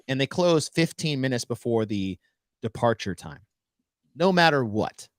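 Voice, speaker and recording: Man telling a lively travel story. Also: mid-range voice, unhurried, dry recording, clean studio sound. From United States. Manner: animated storyteller acting out dialogue. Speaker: podcast co-host. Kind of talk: casual storytelling chat.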